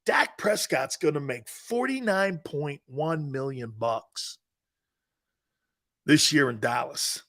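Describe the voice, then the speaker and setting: A man hosting a sports talk show, joking loudly and laughing often as he riffs on football. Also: fairly high pitch, lively intonation, slow pace. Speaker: sports radio host.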